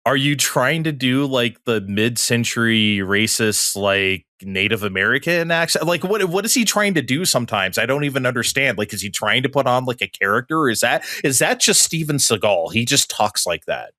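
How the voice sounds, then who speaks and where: Lively, bright-voiced podcast man. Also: medium pitch, normal speed, hardly any pauses, no room sound. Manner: laughing storyteller. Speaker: podcast co-host. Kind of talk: casual chat.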